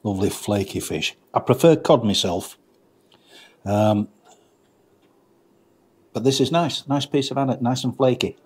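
A man's voice: mid-range voice, a little slow, pauses often, darkish tone, slightly rough. Chatty man reviewing food. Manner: chatty, addresses viewers as mates. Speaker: vlogger reviewing a pub. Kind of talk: casual food review vlog. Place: pub dining area.

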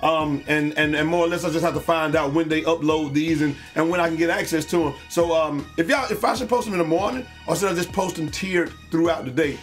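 A man hosting a video channel, giving hyped, slangy commentary over basketball highlights and shouting out the big plays. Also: fairly even intonation, a little fast, few pauses, soft background music. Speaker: YouTube host and streamer.

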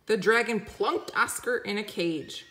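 A woman reading a picture book aloud slowly and gently, explaining words for children. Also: medium pitch. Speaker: storyteller.

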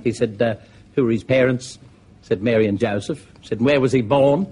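A man's voice: medium pitch, a little fast, dark tone, slightly rough. A man with an Australian accent, a comedian telling jokes in an easygoing yarn-spinning way, full of "he said". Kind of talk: stand-up joke telling.

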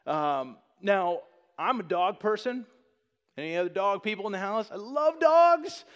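Church pastor guy preaching, kinda high voice, jokey and lively. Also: moderate pace, smooth, dull audio. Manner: joking, animated storytelling with put-on high voices. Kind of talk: sermon.

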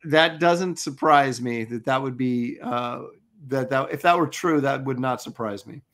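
A man's voice: medium pitch, a little slow, fairly bright tone. A middle-aged man co-hosting a casual chat, enthusiastic and rambling, often restarting his sentences. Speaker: co-host.

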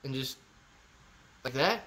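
A man's voice: medium pitch, expressive, takes it slowly, bright, forceful tone. A man hosting a casual live stream, reading viewer comments and bantering playfully with them. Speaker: livestream host reading chat.

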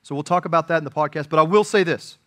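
Pastor, male, fairly high voice; earnest sermon delivery that swells to emphatic peaks and sinks to soft asides. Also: quick pace. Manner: earnest preaching, rising to emphatic peaks and dropping to quiet asides.

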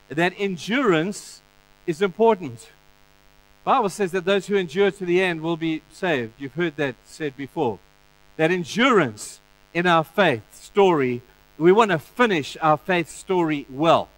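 High-voiced preacher man, animated. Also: slight background noise, low-quality recording. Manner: animated, acts out the stories in voices. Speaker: pastor. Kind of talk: sermon.

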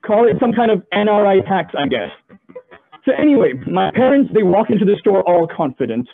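A young man from the Gulf region performs a stand-up comedy set. His voice sits high and moves around a lot as he tells stories with playful asides. It comes through a tinny, phone-like video call connection. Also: fairly quick, creaky. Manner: animated storyteller, playful asides. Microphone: video call audio.

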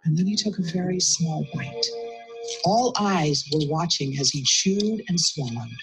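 A woman principal reading a picture book aloud to young children, lively and adding little asides as she goes. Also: sits low, a little slow, faint music behind, low-quality recording. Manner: animated, chiming in with asides. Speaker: school principal.

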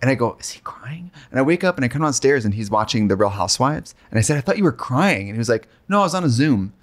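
A man co-hosting a casual comedy chat, camp and bawdy, tossing out quick asides. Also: medium pitch, animated. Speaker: co-host.

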